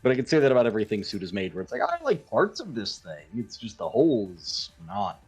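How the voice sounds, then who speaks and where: A man's voice: on the low side, big pitch swings, fast, darkish tone, husky. Chatty man with casual swearing. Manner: chatty, swears casually, retells stories with quoted asides. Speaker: let's play co-host. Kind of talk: casual gaming chat. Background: faint game music.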